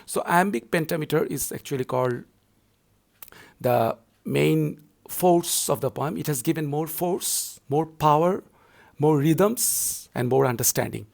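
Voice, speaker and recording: A man's voice: fairly high pitch, unhurried, gravelly, a little mellow. A male university lecturer explaining poetry scansion to students in a repetitive, explanatory way, with frequent filler words.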